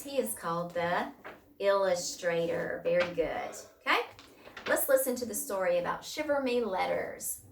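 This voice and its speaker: A woman's voice: mid-range voice, a little hiss or hum. A woman teacher giving a recorded distance-learning lesson who talks patiently and repeats her key points. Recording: roomy sound from a distance.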